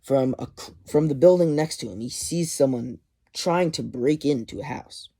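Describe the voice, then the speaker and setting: Man, comic reviewer, casual recap, mellow voice, mid pitch, animated retelling. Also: normal speed, gravelly. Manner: animated retelling with quoted lines and chuckles.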